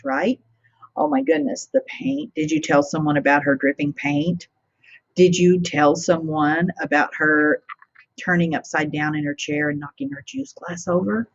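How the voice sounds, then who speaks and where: A woman teacher reads a picture book to children and keeps stopping to ask them questions. Her voice is lowish and breathy, and she talks slowly. The recording sounds dull and lo-fi. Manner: warmly interactive, asking children questions.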